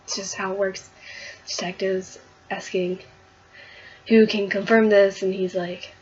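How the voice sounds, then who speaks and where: A woman's voice: medium pitch, level tone, a little slow, a little mellow, breathy edge, highs cut off. A woman recapping a comic book issue in a casual vlog, rambling and gushing with lots of fillers and restarts.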